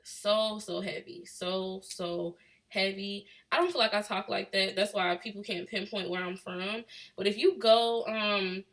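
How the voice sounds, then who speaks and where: A woman's voice: medium pitch, steady tone, unhurried, fairly bright tone. A young woman from Chicago with a Chicago accent, chatting casually with a live chat, reading out questions and laughing. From Chicago, USA. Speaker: vlogger answering live chat.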